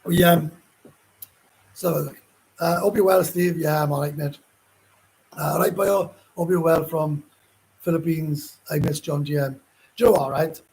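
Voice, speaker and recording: A gruff Welsh man hosting a livestream, his fairly high voice rough and gravelly. He rambles bluntly through viewer comments in casual chat, swearing often and restarting sentences. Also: steady tone, unhurried, pauses often, a little mellow, poor audio. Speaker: livestream host.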